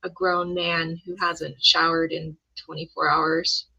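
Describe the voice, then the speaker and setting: Bright-voiced woman, dull lo-fi sound. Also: low voice, little pitch movement, slow pace, gravelly, breathy edge. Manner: dry, teasing remarks. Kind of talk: casual chat on a live stream.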